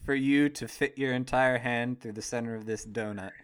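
A man co-hosting a casual podcast chat, tossing out jokey, deadpan asides. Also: mid-range voice, normal speed, smooth. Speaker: podcast co-host.

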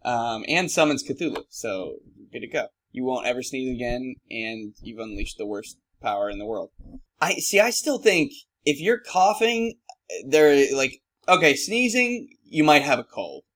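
A man's voice: medium pitch, big pitch swings, a little slow, fairly bright tone. A man co-hosting a casual comedic chat, joking and slipping into silly voices. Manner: jokey, slips into silly voices. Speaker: podcast co-host.

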